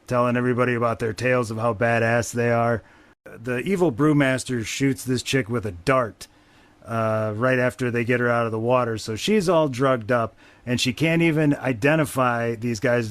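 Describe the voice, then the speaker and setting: A man's voice: medium pitch, steady tone, moderate pace, no room sound. A man hosting a podcast, casually recapping a movie plot in a wry, rambling way with frequent swearing. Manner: profane, wry, rambling with fillers. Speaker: podcast host.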